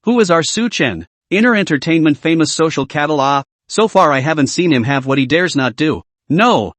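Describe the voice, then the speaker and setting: A man narrating a comic story recap in a scripted, lively reading style. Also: on the high side, normal speed, dry recording. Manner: lively, reads out laughter as words.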